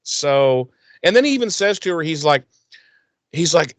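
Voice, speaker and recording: On a dry recording, a podcast co-host whose voice is a little high recaps a TV episode in casual conversation at a moderate pace, pausing often. He's animated and profane, acting out the characters' lines.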